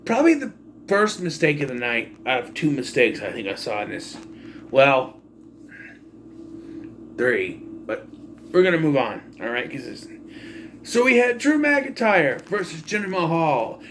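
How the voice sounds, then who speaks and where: A man's voice: fairly high pitch, measured pace, long pauses, a little hiss or hum. A young man giving a casual, opinionated wrestling recap, often exasperated and swearing. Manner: animated, exasperated ranting with profanity. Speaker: wrestling pay-per-view reviewer.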